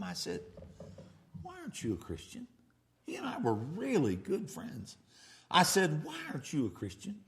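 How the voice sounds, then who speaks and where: A man preaching a revival sermon as pastor, telling stories and swinging from loud outbursts to hushed asides. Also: high voice, gravelly.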